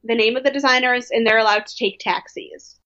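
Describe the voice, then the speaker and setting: A woman with a fairly high voice co-hosting a casual podcast. She reads from her episode notes in a blunt, offhand way. The audio sounds slightly dull and lo-fi. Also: steady tone, brisk, pushed and bright. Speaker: podcast co-host. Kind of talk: casual recap chat.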